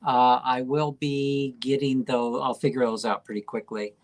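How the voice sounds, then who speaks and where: A man's voice: mid-range voice, level tone, moderate pace. Easygoing man showing his painting. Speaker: artist and show host. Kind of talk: casual live stream chat.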